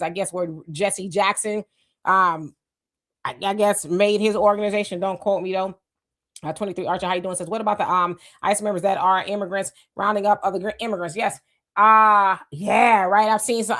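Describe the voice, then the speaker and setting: A woman hosts a casual live chat at a middle pitch. She greets her viewers one by one, reads their comments aloud and answers them offhandedly. She often trails off with "I don't know.". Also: a bit bright. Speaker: livestream host.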